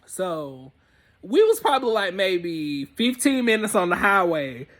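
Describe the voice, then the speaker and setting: A man's voice: high voice, huge pitch swings, a little slow, a bit bright. A young man casually telling a story from his college days, laid-back and full of fillers. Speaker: storyteller host.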